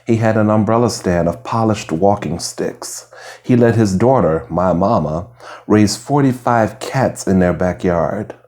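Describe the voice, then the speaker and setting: Deep-voiced man reading softly, ASMR. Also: unhurried. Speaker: reader. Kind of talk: soft ASMR reading of essays. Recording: lo-fi home recording.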